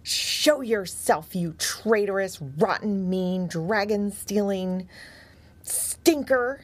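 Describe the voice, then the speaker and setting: Slow, gravelly woman storyteller. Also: low voice, darkish tone. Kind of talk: children's storybook narration.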